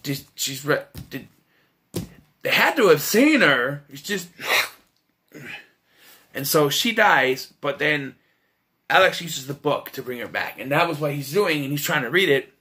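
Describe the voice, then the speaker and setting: A man with a fairly high, bright, forceful voice talks through a film review in a loose, offhand way. He is blunt and swears freely, and he often restarts his sentences. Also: animated, a little slow, long pauses. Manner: blunt and profane, with frequent restarts. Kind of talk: casual spoken film review.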